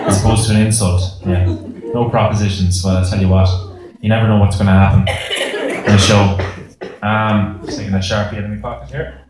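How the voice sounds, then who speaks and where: Brief: Irish singer, young man, self-mocking stage banter, very echoey live hall with music underneath. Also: lowish voice. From Ireland. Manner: chatty, self-mocking, joking. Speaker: singer talking to a concert audience.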